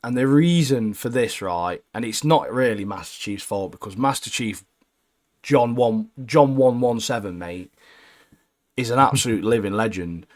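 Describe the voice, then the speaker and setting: A man's voice: medium pitch, moderate pace. A young man co-hosting a casual gaming podcast, bluntly giving his opinions and saying "mate" constantly. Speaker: podcast co-host.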